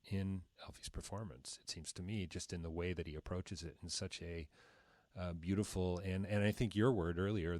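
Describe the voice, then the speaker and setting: Deep-voiced effusive male interview host. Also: dry recording. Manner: effusive, rambling, with many restarts. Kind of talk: interview conversation.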